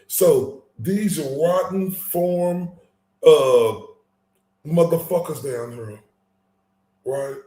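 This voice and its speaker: A man rants through an angry, profanity-laced commentary, stumbling over restarts as his temper runs high. His voice sits a bit high and moves slowly and deliberately. The sound bounces around a roomy, echoey space. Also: warm tone. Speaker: commentary channel host. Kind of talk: heated casual commentary.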